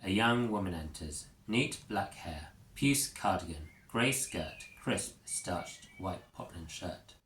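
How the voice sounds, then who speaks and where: Male narrator, low voice, second-person storybook; echoey room, faint hiss. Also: lively intonation, fairly bright tone. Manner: measured, descriptive reading. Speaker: audiobook narrator.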